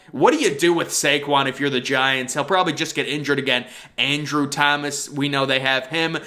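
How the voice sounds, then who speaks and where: A young man giving casual, excitable commentary while making mock draft trades, thinking aloud and laughing often. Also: fairly high pitch. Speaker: NFL draft video creator.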